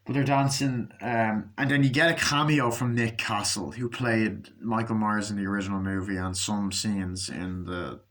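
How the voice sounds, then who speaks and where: A man's voice: fairly low pitch, steady tone, moderate pace, hardly any pauses, fairly bright tone. A man giving a casual, profane movie review, sarcastic and acting out scenes in mocking voices.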